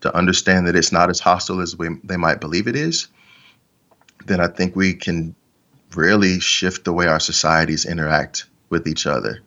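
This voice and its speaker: A man's voice: deep voice, normal speed, pushed and bright, lo-fi sound. A man interviewed as a podcast guest, telling a story in an earnest, reflective way with trailing restarts.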